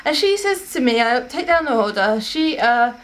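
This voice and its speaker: A woman's voice: high-pitched, sing-song, normal speed, fairly bright tone, a little hiss or hum. A young woman, casually telling stories to camera at home in a rambling, self-correcting way. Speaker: vlogger.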